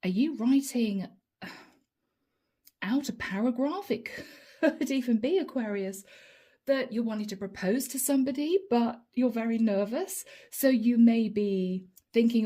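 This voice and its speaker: A woman's voice: on the high side, normal speed, mellow. A woman giving a chatty tarot reading straight to her viewers, laughing often and calling them guys. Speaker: tarot reader.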